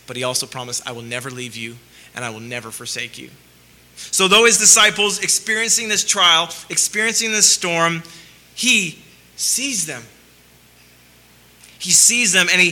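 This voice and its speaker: A man preaching a sermon, asking rhetorical questions and swinging between loud emphasis and quiet, low lines. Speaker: pastor.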